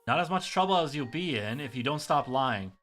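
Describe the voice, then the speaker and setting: A man's voice: medium pitch, animated, fairly quick, a bit bright, soft background music, lightly acted. A man voicing a stern, weary mother who scolds and questions her son.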